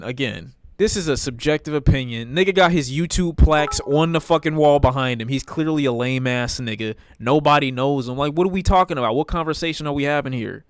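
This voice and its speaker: A man's voice: fairly high pitch, no echo. A man streaming live, reacting to videos with blunt, profane, rambling commentary in a casual way.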